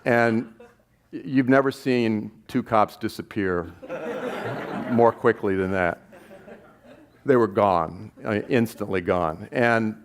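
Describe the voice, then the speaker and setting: A man's voice: lowish voice, slow pace, pauses often. A man, a documentary filmmaker, telling an anecdote to a live audience and acting out the voices of the people in it. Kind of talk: storytelling at a live gathering. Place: stage at a live event.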